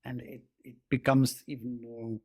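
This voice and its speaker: A man hosting a conversation, gentle and halting, often trailing off softly. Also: medium pitch, level tone. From born in Belgian Congo. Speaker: host. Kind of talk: casual conversation.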